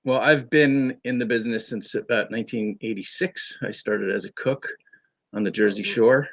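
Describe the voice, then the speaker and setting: Gravelly, husky man in his fifties. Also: on the low side, moderate pace, dry recording. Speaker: guest, drinks brand owner. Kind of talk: interview answers.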